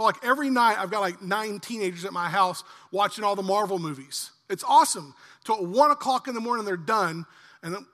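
A man in his forties, a pastor preaching a sermon in earnest, swelling louder on lists and slowing on key lines. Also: high-pitched. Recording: long reverb of a church hall.

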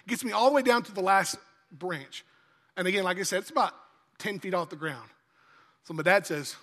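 A man's voice: high-pitched, fairly quick, a bit bright. A man preaching a sermon in a church, telling a folksy story. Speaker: pastor. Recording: long church-hall reverb.

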